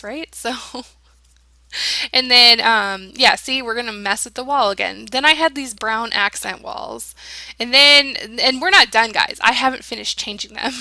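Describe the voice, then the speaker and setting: Bright, chatty young woman rambling along. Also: high voice, dry recording. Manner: rambling, chatty, giggly, self-deprecating. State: tired. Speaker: gaming channel host. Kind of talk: casual voice-over commentary on a build.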